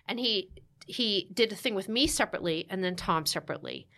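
A woman guest telling a candid story in conversation, animated, with restarts, fillers and laughing asides. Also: medium pitch, brisk, creaky. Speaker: podcast guest.

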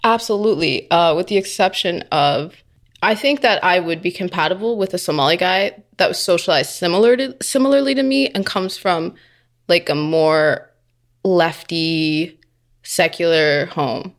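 A woman's voice: fairly low pitch, normal speed. Blunt, teasing woman in podcast chat. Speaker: podcast co-host. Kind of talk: casual chat.

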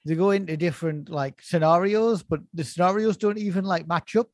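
High-voiced laughing man. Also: fairly quick, no room sound, studio quality. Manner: laughing, rambling, trailing off. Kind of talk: casual chat.

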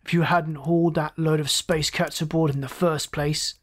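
The narrator voicing a gruff, short-tempered male chief engineer who roars and snaps orders. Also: mid-range voice, flat delivery, normal speed, close to an everyday voice. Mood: angry. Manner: roaring, snapping commands.

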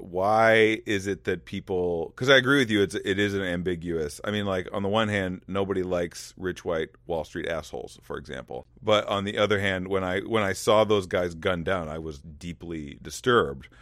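A man with a low voice hosts a casual conversation, asking questions and working through his thoughts aloud. He restarts his sentences often and halts as he reasons. The sound is dry and close, with no room echo. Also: fairly bright tone. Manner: thoughtful, halting, many restarts.

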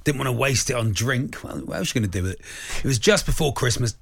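A man's voice: mid-range voice, lively intonation, fast, creaky, breathy edge, dry recording. A British man co-hosts a talk radio podcast in playful, jokey banter, often breaking into laughs. He reads listener stories aloud in a mid-range voice, recorded close and dry. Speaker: radio show co-host. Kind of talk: casual banter, reading listener messages.

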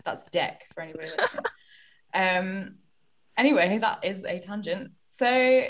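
A woman's voice: medium pitch, animated, normal speed, noisy background. A woman co-hosting a podcast, chatting in a friendly, loose way with her guest. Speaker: podcast co-host. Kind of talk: casual podcast chat.

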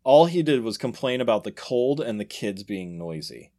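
A man's voice: medium pitch, normal speed. A man hosting a podcast, casually telling a story and laughing often as he goes. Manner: laughs often, animated retelling with acted quotes. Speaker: podcast host.

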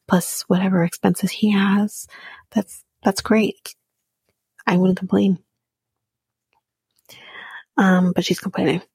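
A woman with a husky, gravelly voice recaps a reality show on her podcast, opinionated and profane. She often slips into a half-whisper as she talks. The sound is close and dry, with no room around it. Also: medium pitch, warm tone, dry recording. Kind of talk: casual recap commentary.

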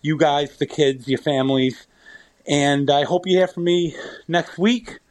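Friendly male caller, slightly high voice. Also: measured pace, darkish tone, low-quality recording. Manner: friendly, well-wishing. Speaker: listener caller. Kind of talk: recorded listener message.

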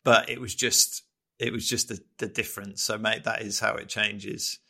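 A middle-aged man co-hosting a podcast, his voice bright and edged with a gravelly fry. He speaks in a flat, steady tone. His talk is earnest and halting, full of restarts as he reflects. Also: lowish voice. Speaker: podcast co-host.

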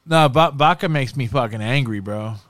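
A man's voice: mid-range voice, normal speed, a bit bright, dry recording, clean studio sound. Swearing, laid-back podcast host man. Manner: swears constantly, says bro a lot. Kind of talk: casual profane chat.

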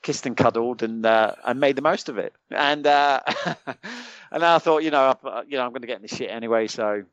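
A man's voice: medium pitch, a little fast, fairly bright tone, dry recording. A middle-aged British man, a former soldier, telling a long colloquial anecdote as a podcast guest and acting out the lines of other people in it. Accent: British English. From United Kingdom. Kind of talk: anecdotal storytelling. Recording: dry, slightly dull sound.

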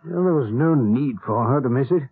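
A man's voice: medium pitch, expressive, brisk, slightly rough, no echo. A man playing a pompous, blustering master of the house in a 1970s radio drama. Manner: blustering, commanding. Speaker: Rodney. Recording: dry, tinny old radio broadcast.

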